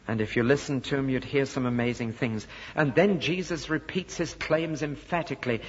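A man preaches an expository sermon, often voicing the people he quotes. His voice is a little husky. The recording sounds dull and lo-fi, with long reverb from a large hall. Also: mid-range voice, normal speed, few pauses.

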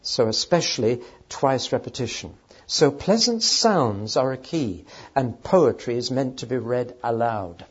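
Guy teaching bible poetry, husky voice, kinda muffled old recording. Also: medium pitch, lively intonation, a little slow. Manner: emphatic, explanatory, stresses key words. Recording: dull lo-fi recording.

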